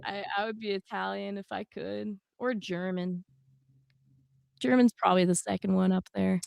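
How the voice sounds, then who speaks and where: A woman's voice: mid-range voice, fairly even intonation, moderate pace, vocal fry, smooth, no echo, highs cut off. A woman co-hosting a gaming podcast, chatting casually and playfully while reading out donations, swearing freely. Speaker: podcast co-host.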